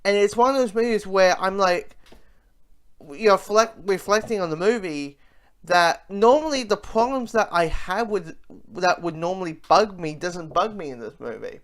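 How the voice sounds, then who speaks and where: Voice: mid-range voice, expressive, moderate pace. An enthusiastic movie reviewer who talks casually and rambles, restarting sentences often. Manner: rambling, with many fillers and restarts.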